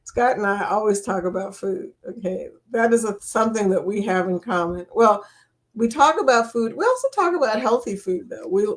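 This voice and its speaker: Older lady doing a live chat, reads comments out loud, teases folks, laughs a bunch. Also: a little high. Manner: chatty, teasing, laughs often. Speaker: live stream host. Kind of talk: casual live chat, reading viewer comments.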